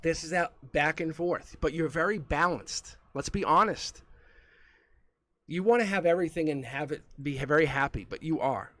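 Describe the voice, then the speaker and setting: A man with a slightly higher-than-average voice reads tarot on a live stream. He talks right to the viewer in a loose, chatty way and laughs softly as he goes. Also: normal speed. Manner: chatty, addresses the viewer directly, chuckles often. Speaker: tarot reader.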